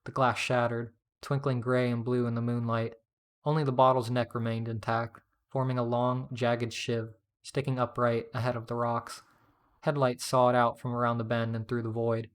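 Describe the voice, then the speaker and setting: Male narrator for first-person fiction, steady and plain, mid-pitched. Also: normal speed, clear, resonant tone. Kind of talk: first-person story reading.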